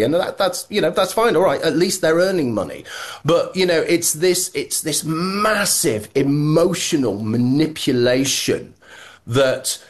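A man's voice: a little high, expressive, a little slow. A man co-hosting a casual political chat, sardonic and mocking, often restarting his sentences. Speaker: co-host.

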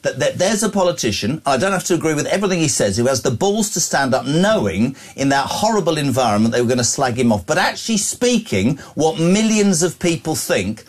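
A man hosting a breakfast talk radio show, brisk and opinionated, often stumbling over restarts. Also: on the high side, sing-song.

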